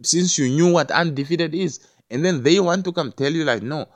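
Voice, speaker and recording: A man's voice: a little high, normal speed. A man talking in a rambling monologue, stammering and repeating himself, swearing often and asking if you understand him.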